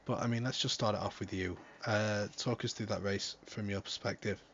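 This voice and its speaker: Low-voiced male stream host. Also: fairly even intonation, fairly quick, a bit bright, dull audio, a little hiss or hum. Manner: joking, swears freely. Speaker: league host and commentator. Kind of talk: casual live-stream commentary.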